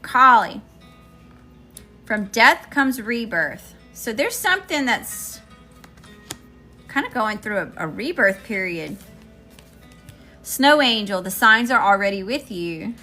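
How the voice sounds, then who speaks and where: Bright-voiced woman reading tarot live. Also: medium pitch, sing-song, takes it slowly, pauses often, faint music behind. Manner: chatty, greets viewers in the chat between card readings. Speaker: tarot reader.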